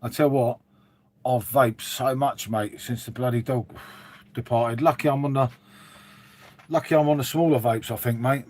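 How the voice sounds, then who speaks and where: A man's voice: medium pitch, fairly even intonation, normal speed, long pauses. Chatty man on a livestream. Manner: chatty, rambling, says "mate" a lot, reads and answers viewers. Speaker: livestream host. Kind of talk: casual live-stream chat. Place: dim room at home.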